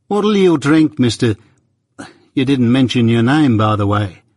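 Brief: man voicing a sly secretive stranger, raised and husky, insinuating questions in a storybook reading. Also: mid-range voice, sing-song, a little slow, darkish tone, no echo, clean studio sound. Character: sly secretive male stranger, middle-aged, cunning.

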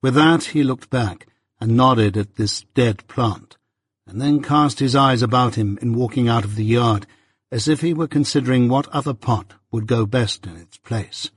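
A man reading an audiobook in a measured, unhurried way. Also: mid-range voice, slightly rough, dry recording. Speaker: audiobook narrator. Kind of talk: scripted narration. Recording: dry close audiobook recording.

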